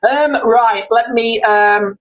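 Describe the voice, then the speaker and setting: A man's voice: extremely high pitch, takes it slowly, a bit bright, muffled recording. Rambling man hosting a live stream. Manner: rambling, chatty, many restarts. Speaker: livestream host. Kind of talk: casual live-stream chat.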